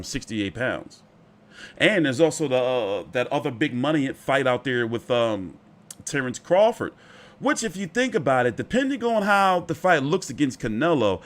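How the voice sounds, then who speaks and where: A man hosting a boxing channel, talking through fight news in a loose, chatty way, swearing freely and filling with "like" and "you know.". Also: medium pitch. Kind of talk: casual fight commentary.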